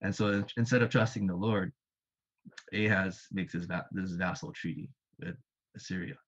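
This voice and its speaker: A man's voice: deep voice, moderate pace, breathy edge. A man preaching a sermon in a conversational way, often restarting and correcting himself with fillers like "right?" and "you know.". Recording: dull lo-fi church stream audio.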